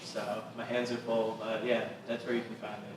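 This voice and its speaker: A man's voice: on the low side, little pitch movement, normal speed. A man, a comedian co-hosting a podcast, chatting casually with dry, teasing quips. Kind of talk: casual chat. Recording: echoey room, distant mic, noisy.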